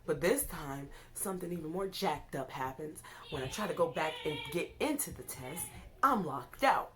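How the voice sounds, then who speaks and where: A woman's voice: low-pitched, expressive, normal speed. A young woman casually telling a story on her vlog, acting out her own panicked words as she goes.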